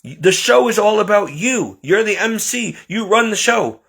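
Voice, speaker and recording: A man's voice: extremely high pitch, vocal fry, slightly rough, pitched above the performer's own voice, full character voice. A man doing an eager, pushy show manager. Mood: excited. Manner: excited, rapid pleading.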